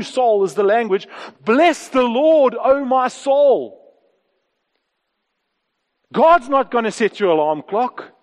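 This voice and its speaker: A man, preaching a sermon and telling candid personal stories, often repeating his phrases. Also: very high-pitched. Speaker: pastor. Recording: long hall reverb.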